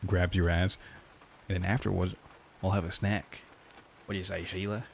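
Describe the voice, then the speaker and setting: A man's voice: sits low, little pitch movement, normal speed, creaky, a little hiss or hum. Man doing a mock-Australian sleazy coworker. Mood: leering. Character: sleazy male office coworker, joking.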